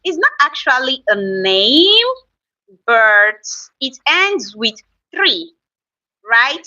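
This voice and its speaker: A woman's voice: sits high, sing-song, very slow, long pauses, bright, forceful tone, far from the mic. A woman with a Nigerian accent hosting a casual live stream, chatting with viewers and teasing them as she reads their comments aloud. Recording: slightly dull lo-fi stream audio.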